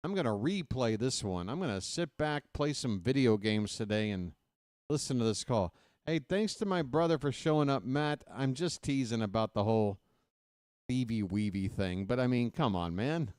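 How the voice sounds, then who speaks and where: A man's voice: mid-range voice, animated, moderate pace, darkish tone, no echo, clean studio sound. A man hosting a baseball play-by-play livestream, chatting casually with viewers after the game and calling them folks. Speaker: play-by-play host.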